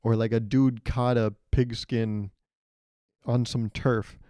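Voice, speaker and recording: A young man hosts a solo podcast, speaking slowly in a mid-range voice with little pitch movement, recorded dry with studio quality. His comedic storytelling rambles with a sarcastic edge, and he acts out loud voices.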